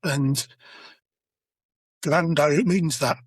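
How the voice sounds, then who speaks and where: A man's voice: a little high, fairly even intonation, drawn-out words, slightly rough, no room sound. A British man hosting a comedy history podcast, teasing his co-hosts as he tells the story. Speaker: podcast host.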